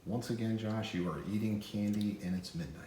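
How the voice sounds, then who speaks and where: A man's voice: on the low side, a little fast, recorded from a distance, slight background noise. A middle-aged man hosting a family video, upbeat, teasing and playful in casual chat at home. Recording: roomy sound, loud music behind.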